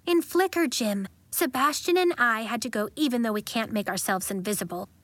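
A woman's voice: on the high side, brisk, a bit bright, no echo, lightly acted. A woman reading the lines of a chatty schoolgirl who tells stories with gusto. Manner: chatty, giggly storyteller. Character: chatty schoolgirl who makes things big.

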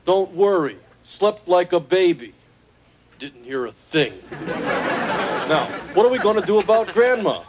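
A man voicing a cocky, cheeky male alien in a sitcom, with a nasal, gravelly voice and brash, joking comebacks. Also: high-pitched, animated, slow pace, long pauses, crowd noise, background noise. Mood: wisecracking. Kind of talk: sitcom acting with laugh track.

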